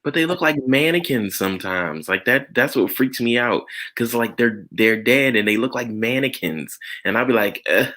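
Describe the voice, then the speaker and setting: A person co-hosting a casual chat, reacting to stories with quick remarks and laughter. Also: medium pitch, expressive, a bit bright.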